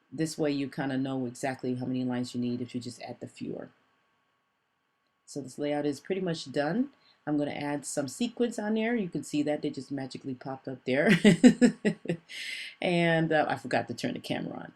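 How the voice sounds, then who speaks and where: Deep-pitched female craft vlogger, casual voice-over, meandering delivery full of fillers. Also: a little mellow. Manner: chatty, meandering, with frequent fillers and self-corrections. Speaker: scrapbooking craft host.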